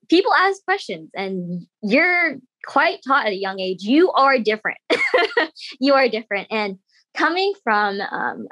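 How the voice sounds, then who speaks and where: A woman's voice: mid-range voice, fairly bright tone, dry recording, poor audio. Earnest young woman, dry close sound. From United States. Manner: earnest, halting, with frequent "um" and "like". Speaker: panelist. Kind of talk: candid personal testimony on a video call. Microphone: video call.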